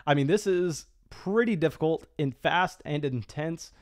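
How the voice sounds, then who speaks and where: Here a man commentates live on a fantasy football auction draft in a slightly high voice, his excited, rapid speech full of stammered restarts.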